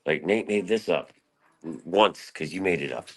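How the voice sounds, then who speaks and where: A man's voice: unhurried, fairly bright tone. A man talking in a rambling, profane monologue on his own stream, restless and jumping between thoughts. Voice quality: gravelly, very deep.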